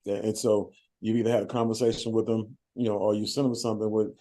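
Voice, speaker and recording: A man's voice: on the low side, level tone, fast, dark tone. A man hosting a group call and giving emphatic, conversational sales training, often repeating himself.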